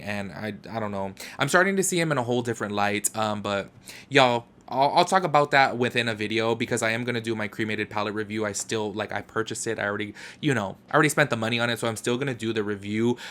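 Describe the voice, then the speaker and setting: A man's voice: lowish voice, a bit bright. A man hosting a commentary video, talking casually to his viewers with lots of ums and likes. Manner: chatty, many fillers like um and like. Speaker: commentary YouTuber.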